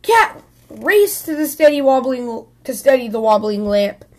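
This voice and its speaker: A woman hosting a children's story podcast, reading a picture book aloud in a lively, expressive way. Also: a little high, unhurried.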